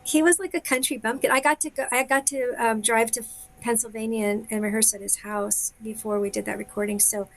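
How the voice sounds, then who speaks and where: A woman singer chatting casually on a live video call, telling a story with quick asides and laughs. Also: fairly high pitch, steady tone, vocal fry. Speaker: singer, guest. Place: home, live video stream.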